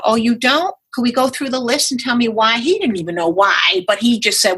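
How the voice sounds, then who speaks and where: A woman's voice: brisk, hardly any pauses, breathy edge, rough recording. A woman guest in a casual interview, telling a story and acting out the dialogue with big jumps in her voice. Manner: animated, acts out quoted dialogue with big pitch jumps. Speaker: guest, patient advocate.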